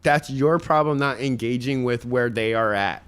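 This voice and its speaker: Smooth-voiced man giving earnest parenting advice. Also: mid-range voice, moderate pace, a bit bright. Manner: earnest, motivational, speaks to listeners directly; tells stories and acts out other people's voices. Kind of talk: casual podcast chat.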